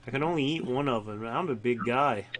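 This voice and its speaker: A man's voice: medium pitch, fairly quick, background noise. A man chatting casually in voice chat, telling a laid-back story.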